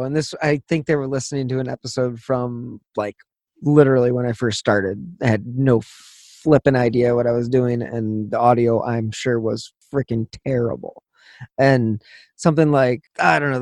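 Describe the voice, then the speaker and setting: A man's voice: medium pitch, fairly even intonation, normal speed, a little mellow, no echo. A man hosting a podcast, chatting casually in a blunt, profane, ranting way. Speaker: podcast host. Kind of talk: casual interview chat.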